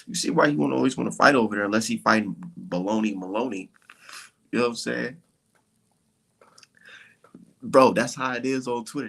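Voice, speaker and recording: A man's voice: fairly low pitch, brisk, vocal fry, pauses often, a bit bright, husky. A man hosting a casual boxing talk show, ranting in a profane, mocking way and dropping into whispery mock voices to imitate others. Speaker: boxing commentary vlogger. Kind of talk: heated casual rant.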